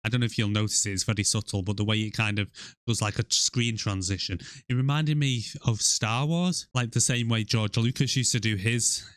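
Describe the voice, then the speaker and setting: A man's voice: fairly low pitch, a little fast, clear, resonant tone, dry recording, clean studio sound. A man co-hosting a movie podcast, rambling and sweary in casual chat. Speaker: podcast co-host.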